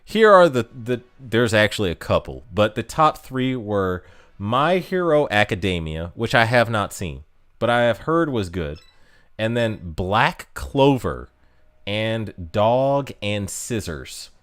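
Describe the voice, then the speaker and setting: A man's voice: lowish voice, sing-song, slow pace, fairly bright tone. An American man chatting casually to viewers on a live stream, rambling, with lots of fillers and restarts. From United States.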